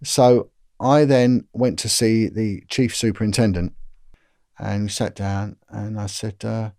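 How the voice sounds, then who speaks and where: A middle-aged man, a former police officer, recounting events in an interview in an earnest, grave way, halting often and repeating words as he restarts. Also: fairly low pitch, fairly even intonation, gravelly, a little mellow, dry recording, studio quality.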